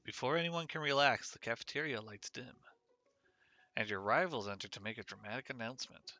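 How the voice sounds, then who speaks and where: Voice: medium pitch, fairly quick, bright, forceful tone, dry recording, lo-fi sound, faint music behind. A streamer narrating a dating game aloud on stream, playful and self-mocking. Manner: playful, self-mocking, laughs at own mistakes. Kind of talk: live-streamed game reading.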